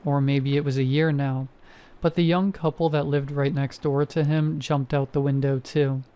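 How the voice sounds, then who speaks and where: A man voicing a middle-aged woman neighbor who talks in a flat, matter-of-fact way in a horror story reading. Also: on the high side, moderate pace, clear, resonant tone, close to an everyday voice.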